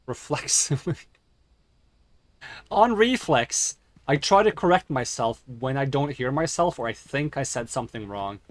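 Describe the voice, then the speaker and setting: A man's voice: medium pitch, animated, a little fast, dry recording. A man streaming a game on a headset, talking casually and stuttering as he corrects himself. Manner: stuttering, self-correcting, rambling. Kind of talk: casual gaming stream talk.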